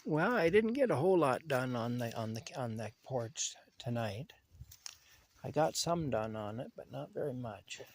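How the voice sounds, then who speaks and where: A man strolls outdoors at night, talking in a loose, rambling way. His voice sits at an ordinary middle pitch, and he often stops to chat fondly with his cat. A faint hiss sits behind him. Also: expressive, normal speed. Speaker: vlogger. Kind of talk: casual rambling monologue. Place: outdoors in a rural yard at night.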